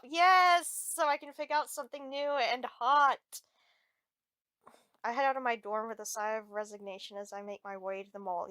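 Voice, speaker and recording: A woman gaming streamer reading a dating-sim game aloud, playful and excitable, giggling often, on a close microphone. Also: mid-range voice, no echo.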